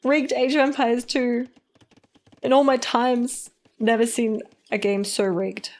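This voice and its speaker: Female streamer-caster, slightly high voice, playful live commentary. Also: fairly even intonation, slow pace. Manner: playful, teasing, giggly.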